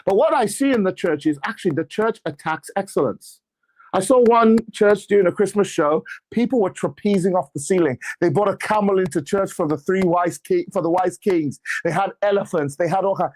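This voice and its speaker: A man, an apostle and church leader, giving a motivational talk on faith and money with an energetic, preacher-like delivery and sarcastic asides. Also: high-pitched, moderate pace, a little hiss or hum.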